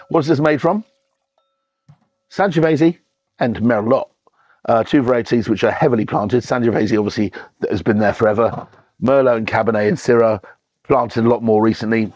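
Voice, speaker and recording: A man talks his way through a wine tasting in a loose, enthusiastic way, often stopping to restart a thought. His voice sits at an ordinary middle pitch. The recording is dry and a little muffled. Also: darkish tone, no echo. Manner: chatty and enthusiastic, with frequent ums and restarts. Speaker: wine reviewer and show host. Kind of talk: casual wine tasting chat.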